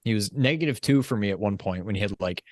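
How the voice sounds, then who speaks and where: Easygoing low-voiced man, dry mic. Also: quick pace, no room sound. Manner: easygoing, animated storytelling. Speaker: podcast co-host. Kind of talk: casual chat.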